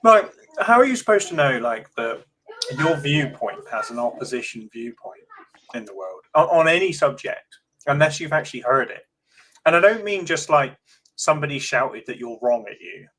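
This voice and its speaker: A man's voice: on the high side, sing-song, moderate pace, a bit bright, slight background noise, low-quality recording. Man musing with searching phrasing. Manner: searches for words, many fillers like "like" and "you know". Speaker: guest. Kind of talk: casual conversation.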